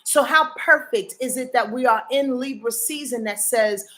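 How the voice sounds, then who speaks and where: Woman astrologer, live-stream host. Higher voice, punchy, profane, sermon-like asides to her viewers. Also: normal speed, sharp tone. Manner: emphatic, profane and preachy, often asks the audience to confirm. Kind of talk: casual live-stream talk.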